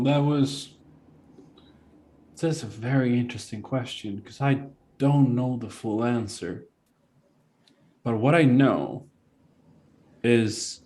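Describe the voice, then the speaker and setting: Guy doing an old enigmatic entity, slow and thoughtful, kinda mysterious. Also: medium pitch, a little mellow. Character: ancient male nature-like entity, calm and enigmatic.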